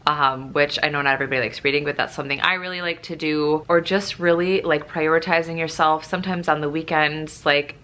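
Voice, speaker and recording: Here a nurse who vlogs answers viewer questions casually, her low voice carrying a bright, forceful edge. She's a young woman who leans on plenty of fillers and sometimes sounds on the verge of tears.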